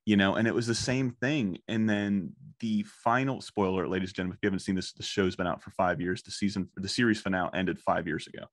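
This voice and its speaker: A man's voice: sits low, quick pace, hardly any pauses, no room sound. Emotional swearing man, dry close mic. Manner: emotional, swearing, excitable storytelling. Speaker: guest, fan of the show. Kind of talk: casual podcast chat.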